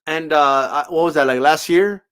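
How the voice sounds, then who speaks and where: High-voiced man ranting about boxing. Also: normal speed, a bit bright, clean tone. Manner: profane, sarcastic, mocks critics in put-on voices. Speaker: boxing commentator. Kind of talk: ranting commentary.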